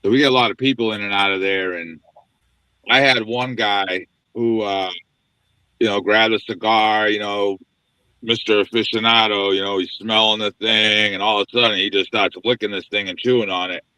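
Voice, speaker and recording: A man with a low but bright, forceful voice tells a quick, lively story as a guest. The sound is dry and close. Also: smooth, no room sound, low-quality recording. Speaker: cigar company co-owner, guest. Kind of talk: casual storytelling.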